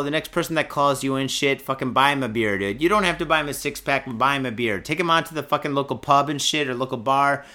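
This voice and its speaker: Slightly drunk and behind the mic of his podcast, a young man tears into the news with crude, repetitive comedy. He sounds mid-range and fairly bright, cursing constantly and saying things again and again.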